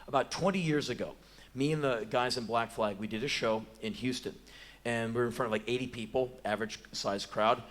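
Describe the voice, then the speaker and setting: Emphatic American man telling stories on stage. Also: mid-range voice. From United States. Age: 40s. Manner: emphatic, deadpan storytelling. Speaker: spoken word performer. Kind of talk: live spoken word storytelling. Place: theater stage.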